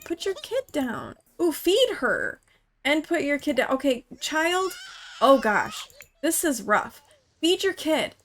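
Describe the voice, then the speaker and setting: A woman's voice: sits high, very animated, slow pace, slight background noise. A woman hosting her own gaming channel, giving chatty let's-play commentary and talking straight to the characters in her game.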